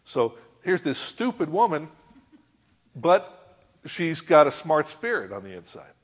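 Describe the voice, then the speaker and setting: Man, preacher, sermon, husky voice, conversational, rhetorical questions, reading and explaining scripture. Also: fairly high pitch, very animated, a little slow. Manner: reads scripture aloud and comments on it.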